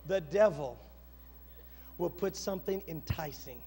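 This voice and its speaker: A male pastor preaching a sermon with animated storytelling and dramatic pauses. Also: a little high, slight background noise. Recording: long echoey hall reverb.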